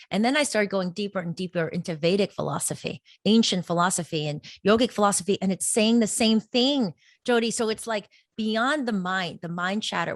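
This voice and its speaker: A woman's voice: medium pitch, no room sound, clean studio sound. A woman speaking as a podcast guest and meditation teacher, talking earnestly in a flowing way and often breaking into laughs. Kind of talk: casual interview talk.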